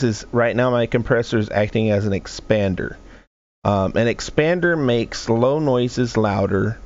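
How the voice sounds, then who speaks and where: A man with a fairly low voice talks through a casual streamed tutorial. He explains each setting step by step and thinks aloud as he works. The audio sounds muffled and lo-fi. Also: a little mellow. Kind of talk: casual screen-share tutorial.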